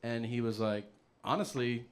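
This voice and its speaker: Male comedian, animated storyteller, mid-pitched voice that slips into quoted voices. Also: normal speed.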